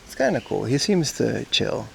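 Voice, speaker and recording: A man's voice: medium pitch, very animated, moderate pace, creaky, a bit bright, a little hiss or hum. A man from Aruba joking and swearing as he chats to viewers on a casual outdoor livestream. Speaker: streamer. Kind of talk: casual IRL livestream chat. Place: outdoors at a zoo park.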